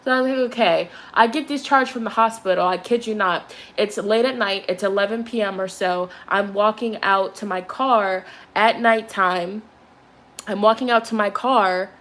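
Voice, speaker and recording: A woman's voice: medium pitch, unhurried. A young woman who reads tarot, chatting casually and telling a story with lots of swearing before doing a candle ritual. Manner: chatty, profane, animated storyteller. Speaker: tarot reader.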